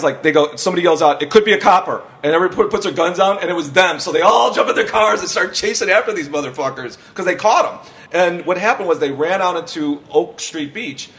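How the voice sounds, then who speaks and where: Man, stand-up comedian, fairly high voice, casual podcast anecdote, rambling, profane, laughing. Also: fairly bright tone.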